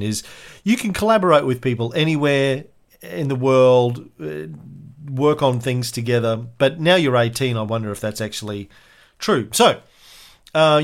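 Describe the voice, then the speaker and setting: Male podcast host, conversational storyteller, quick and loose delivery. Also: mid-range voice. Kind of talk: casual podcast chat.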